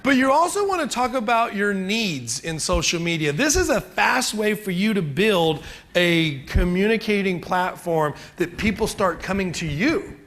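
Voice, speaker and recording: A man's voice: high-pitched, sing-song, moderate pace, fairly bright tone. A middle-aged man giving a chatty, joking real estate seminar, asking the audience questions. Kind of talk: live seminar talk to an audience.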